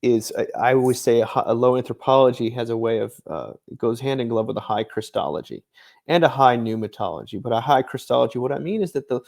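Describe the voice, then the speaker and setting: An author and ministry director, appearing as a guest in a conversational interview, explains his ideas thoughtfully and at length, laughing lightly mid-thought. He speaks fast in a medium-pitched, darkish voice with vocal fry.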